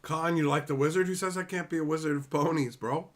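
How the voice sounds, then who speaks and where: A man's voice: fairly high pitch, fairly even intonation, fast. A man hosting a casual livestream, rambling and mocking with lots of swearing as he answers viewers in chat. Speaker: livestream host.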